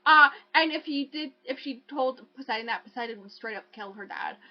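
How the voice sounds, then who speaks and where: A young woman with a high voice chats casually, recapping a book's plot in a loose, rambling way full of fillers and swearing. The recording is dull and lo-fi, like a home podcast setup. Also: fairly quick. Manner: rambling, profane, lots of fillers. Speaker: podcast co-host recapping a book. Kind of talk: casual chat.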